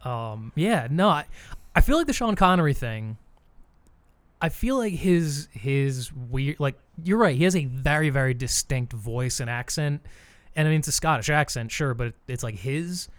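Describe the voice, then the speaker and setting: A man's voice: mid-range voice, animated, moderate pace, no echo. A man chatting casually and rambling, swearing now and then. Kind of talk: casual podcast chat.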